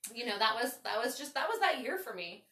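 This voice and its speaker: A woman hosting a podcast, telling a story in a casual, animated, foul-mouthed way. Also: a little high, fast talker, roomy sound, recorded from a distance, over a noisy crowd. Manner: animated, swearing, lots of "like". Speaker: podcast host.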